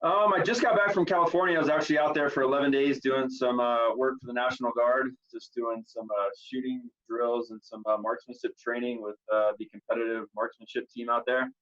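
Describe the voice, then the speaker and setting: A man answering interview questions over a video call, relaxed and rambling with plenty of fillers. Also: medium pitch, brisk, hardly any pauses, muffled recording. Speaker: guest athlete. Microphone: computer on a video call.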